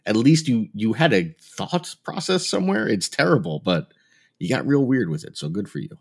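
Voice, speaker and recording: A man's voice: lowish voice, very animated, moderate pace, vocal fry, breathy edge. A man in his thirties chatting casually in a wry, rambling way. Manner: wry, rambling, laughs easily. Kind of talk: casual chat.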